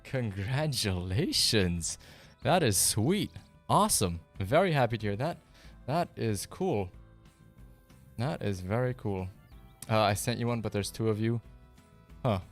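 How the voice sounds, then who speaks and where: Low, even-voiced German man streaming. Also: unhurried, soft background music. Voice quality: fairly monotone, even delivery. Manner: relaxed, rambling, with many fillers and restarts. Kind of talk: casual live-stream chat answering viewers.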